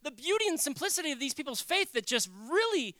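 Lively, bright-voiced preacher. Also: sits high, fast, no room sound. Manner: animated, acts out quotes, jokes. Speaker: pastor. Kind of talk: conversational sermon.

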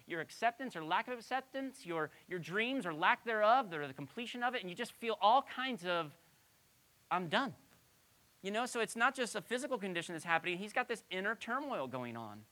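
Animated woman preaching a lively sermon. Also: medium pitch. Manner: conversational, animated Bible teaching with rhetorical questions. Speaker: pastor.

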